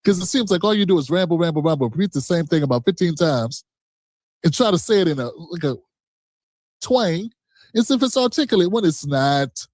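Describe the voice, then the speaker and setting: Combative high-voiced man ranting at a clip. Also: expressive, fairly quick, darkish tone, no room sound, clean studio sound. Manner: combative, profane, mocking, talks back to the clip. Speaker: streamer reacting to clips. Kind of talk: heated reaction commentary.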